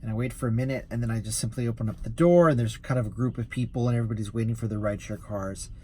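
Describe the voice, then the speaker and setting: A man's voice: medium pitch, rapid-fire, a little mellow, slight background noise. A man who drives for rideshare, telling a story in a casual vlog, easily amused and rambling with restarts.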